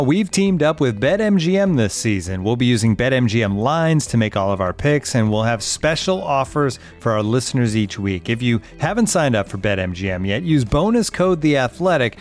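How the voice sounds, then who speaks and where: A man reading a sponsored advertisement, rattling off disclaimers. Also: mid-range voice. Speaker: ad reader. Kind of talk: read advertisement.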